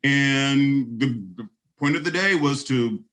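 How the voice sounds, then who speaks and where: A man's voice: mid-range voice, slow pace, a bit bright, low-quality recording. A man in his fifties giving a conference keynote, telling stories and speaking straight to the audience.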